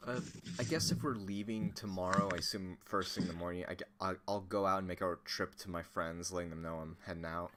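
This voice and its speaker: Male player, very low pitch, casual and self-correcting. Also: steady tone, fairly quick, a bit bright, slight background noise. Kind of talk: casual tabletop role-play.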